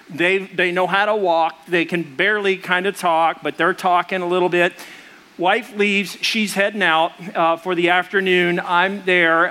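A man's voice: sits high, smooth. A man preaching a sermon, telling a story in a loose, conversational way and acting out the voices in it. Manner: animated, acts out the voices in his story; conversational, with fillers and restarts. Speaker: pastor.

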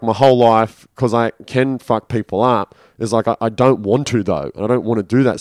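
A man tells a personal story in a loose, conversational way, swearing freely and slipping into quoted inner voices. His voice sits at an ordinary middle pitch. The sound is dry and close, with no room behind it. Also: a little mellow, no echo. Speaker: podcast guest. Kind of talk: casual storytelling.

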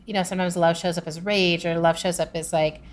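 Lively woman guest, lowish voice. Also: fast talker. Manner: animated, laughing storyteller, acts out own thoughts. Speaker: guest author. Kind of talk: casual interview chat.

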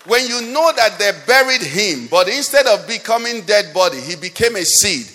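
Man, emphatic pastor, high-pitched, long hall reverb. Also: animated, moderate pace, bright, forceful tone. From Nigeria. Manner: emphatic, rhetorical questions to the congregation. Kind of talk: sermon. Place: church hall.

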